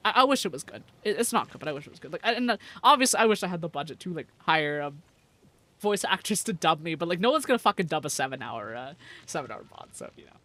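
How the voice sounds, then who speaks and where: A woman's voice: sits low, very animated, quick pace, fairly bright tone. A young woman chatting casually on a livestream, giggling often and talking in a rambling, slangy, profane way. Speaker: streamer.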